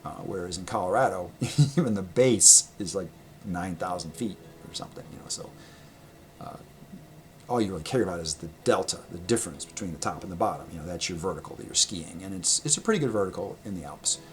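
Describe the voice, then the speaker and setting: A man casually telling a personal travel story, rambling and correcting himself, laughing often and getting animated when he quotes people. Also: sits low, quick pace, slight background noise. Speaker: vlogger.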